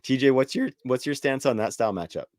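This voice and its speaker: A man's voice: mid-range voice, lively intonation, fast talker, darkish tone, no room sound, studio quality. A man hosting a sports podcast, upbeat and steering the talk between his co-hosts. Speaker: podcast host.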